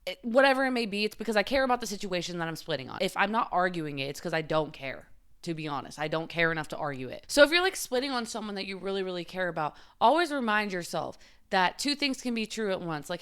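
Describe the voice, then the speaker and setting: A woman's voice: mid-range voice, animated, quick pace, a bit bright, clean tone. A woman vlogger giving casual, candid advice in a chatty way, often saying "like". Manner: chatty, frequent filler "like"; open and confiding.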